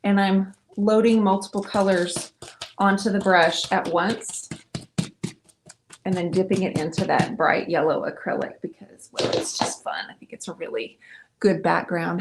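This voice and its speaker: During her live painting broadcast, an upbeat, talkative middle-aged woman describes each stroke in a warm, casual way. Her middle-pitched voice is creaky, and there's a lot of background noise.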